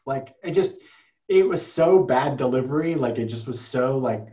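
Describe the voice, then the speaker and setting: A man's voice: a little high, animated, normal speed, warm tone, echoey room, muffled recording. A man co-hosting a casual film review podcast, chatty and mocking film lines by acting them out.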